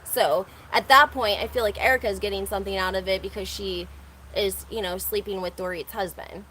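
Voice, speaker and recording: A woman's voice: medium pitch, fairly even intonation, brisk, pushed and bright, a little hiss or hum. A woman with a Southern American accent hosting a casual gossip livestream, chatty and opinionated, often laughing between her points. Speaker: reality TV recap host.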